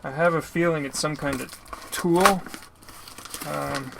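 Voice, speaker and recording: This Canadian YouTuber unboxes his received mail in an unhurried, rambling, casual way, apologizing often and using lots of filler. His voice is a little high with vocal fry and fairly even intonation, and background noise can be heard.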